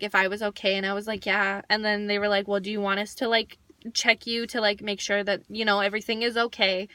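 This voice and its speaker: A young woman vlogger telling a story in a chatty, animated way, saying "like" constantly. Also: a little high, dry recording. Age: young adult. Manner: chatty, heavy use of "like", animated retelling. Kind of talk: storytime vlog.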